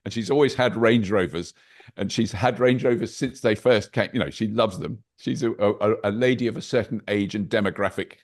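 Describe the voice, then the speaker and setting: Older man, deep-set voice, chatty and wry, telling stories on a video call. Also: moderate pace. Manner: animated, anecdotal, with wry asides. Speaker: podcast guest. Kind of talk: casual interview chat.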